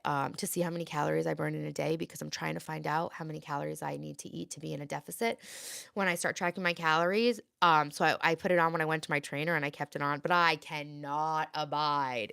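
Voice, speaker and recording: Gravelly low-voiced woman chatting on stream. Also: brisk, a bit bright. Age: 30s. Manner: chatty, rambling, reads viewer comments aloud. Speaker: livestream host. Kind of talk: casual livestream chat.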